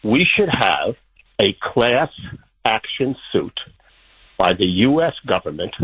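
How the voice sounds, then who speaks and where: A man's voice: fairly low pitch, big pitch swings, takes it slowly, husky. A man from Florida calling in to a talk radio show, eager and insistent to make his point. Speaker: caller. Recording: tinny phone line.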